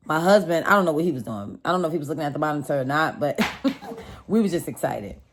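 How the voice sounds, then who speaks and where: A young woman with a low, deep-set voice tells a personal story to her viewers in a relaxed, chatty way. She keeps calling them y'all. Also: brisk, noisy background. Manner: chatty, addresses viewers as y'all, animated retelling. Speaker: vlogger telling a story. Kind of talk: casual storytime.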